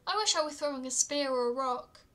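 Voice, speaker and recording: A woman's voice: high-pitched, a little fast, bright, forceful tone. A woman voicing a blind young male god, wistful and plaintive, in a read-aloud myth.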